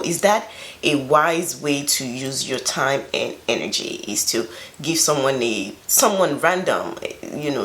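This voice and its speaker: A woman with a low voice talks through personal advice in a relaxed, conversational vlog. Her pitch swings widely as she leans into emphatic points, then settles back down. She sounds earnest and direct. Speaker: self-reflection vlogger. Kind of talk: casual spoken advice.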